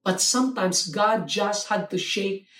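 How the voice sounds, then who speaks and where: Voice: medium pitch, unhurried, fairly bright tone. A preacher giving an earnest sermon, stressing key words and reading scripture aloud. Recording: roomy sound from a distant mic.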